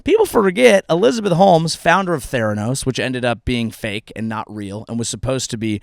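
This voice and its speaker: A man hosting a comedy podcast who delivers a profane, comedic rant and now and then jumps up into shrill yelling. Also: lively intonation, a little fast, gravelly, few pauses, dry recording, studio quality.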